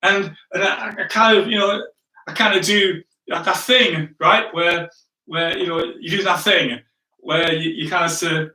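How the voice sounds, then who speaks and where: A pastor with a high, steady, unhurried voice that sounds pushed and bright delivers a sermon, spinning a chatty, self-mocking story and tossing in frequent "right?" asides to the congregation. The room is echoey and he stands far from the mic.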